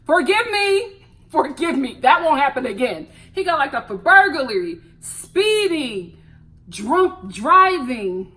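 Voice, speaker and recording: A young American woman with a high, bright voice and a pitch that swings widely. She reviews a reality show in a sassy, animated way and laughs often. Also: slow pace. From United States. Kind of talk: casual reality TV commentary.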